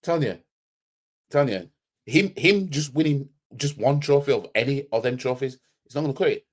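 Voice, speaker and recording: A man's voice: medium pitch, lively intonation, a little fast. A man hosting a football fan channel, giving a heated, blunt match reaction full of slang and repeating himself for emphasis.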